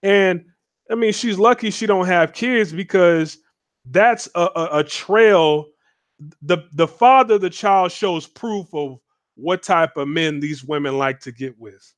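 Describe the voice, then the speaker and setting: A man's voice: high-pitched, unhurried, no echo. A man speaking as a guest on a livestream, talking bluntly and rambling with fillers and restarts. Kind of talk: casual livestream commentary.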